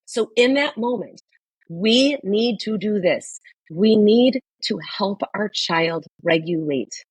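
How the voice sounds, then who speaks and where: Therapist lady on a podcast, kinda husky voice, punches her points hard and says them twice, dry close sound. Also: medium pitch, lively intonation, takes it slowly, no echo, poor audio. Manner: emphatic, repeats key points. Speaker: guest, social worker and psychotherapist. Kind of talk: podcast conversation.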